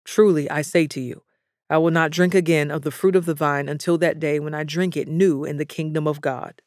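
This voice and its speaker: A man reading the words of Jesus, a grave and measured teacher, in a plain voice. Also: fairly high pitch, steady tone, no room sound, clean studio sound, close to an everyday voice. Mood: solemn. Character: Jesus, grown man teacher, calm and solemn.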